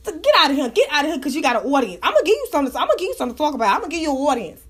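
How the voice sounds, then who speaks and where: A woman with a slightly high voice hosts a casual live talk room. She rants and tells stories bluntly and with lots of profanity. Her delivery swings between low muttering asides and sudden loud, excited outbursts. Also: very fast. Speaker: live audio room host. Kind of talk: casual storytelling rant.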